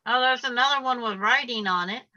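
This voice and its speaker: A woman's voice: a little high, a little fast, pushed and bright. An older woman hosting a craft video, chatting casually over a video call and telling stories while she works. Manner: chatty, storytelling, laughs easily. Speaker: craft channel host. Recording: muffled video call audio.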